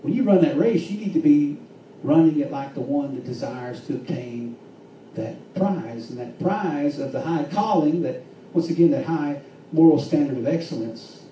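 A man preaching a sermon, swinging between fervent shouts and hushed, quiet stretches. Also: fairly high pitch, expressive, moderate pace, a little hiss or hum. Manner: impassioned preaching with rising shouts and hushed drops. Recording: echoey room from far off with faint ambience.

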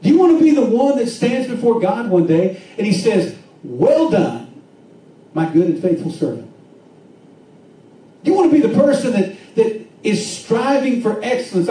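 A man preaching a sermon, swinging between fervent shouts and hushed, quiet stretches. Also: high-pitched, big pitch swings, normal speed. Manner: impassioned preaching with rising shouts and hushed drops. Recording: echoey room from far off with faint ambience.

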